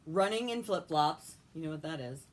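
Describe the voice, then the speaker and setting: A woman's voice: deep voice, animated, normal speed. A woman co-hosting a podcast in casual chat, laid-back and matter-of-fact. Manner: laid-back, lists items matter-of-factly. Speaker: podcast co-host and author.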